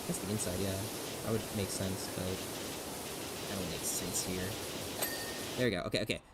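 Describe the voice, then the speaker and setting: A young man streaming a game, muttering to himself, swearing casually and jumping into squeaky outbursts. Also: moderate pace. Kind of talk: casual gameplay commentary. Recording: steady background hiss.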